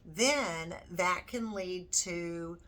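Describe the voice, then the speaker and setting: A woman's voice: fairly low pitch, sharp tone. A homeschooling mother talking casually through her curriculum, thinking aloud with plenty of ums and you-knows. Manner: unhurried, thinking aloud with many fillers. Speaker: homeschooling parent.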